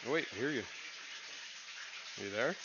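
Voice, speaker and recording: A man co-hosts a casual livestream from the fish room in his home, rambling with lots of fillers. His mid-range voice has lively intonation and a moderate pace, captured in dull lo-fi stream audio with room noise.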